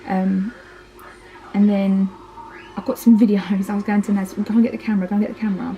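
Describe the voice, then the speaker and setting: A woman's voice: mid-range voice, level tone, brisk, mellow, poor audio. Chatty Essex woman in her thirties. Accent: Essex English. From Essex, England. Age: 30s. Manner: chatty, lots of "like" and "um", acts out quoted lines. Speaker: parenting vlogger. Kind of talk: casual birth story retelling.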